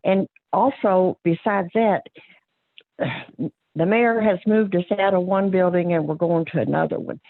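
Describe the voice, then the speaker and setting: A woman's voice: on the low side, fairly even intonation, measured pace, creaky, no echo. A woman, a county clerk giving plain-spoken, earnest remarks at a public board meeting, with frequent fillers and restarts. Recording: tinny phone-line audio, dry.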